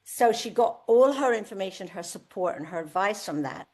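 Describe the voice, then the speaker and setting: Woman, seventies, podcast guest, lively storyteller, middle pitch. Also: moderate pace. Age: 70s. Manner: lively storyteller, acts out quoted voices. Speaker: guest singer. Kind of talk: candid podcast interview.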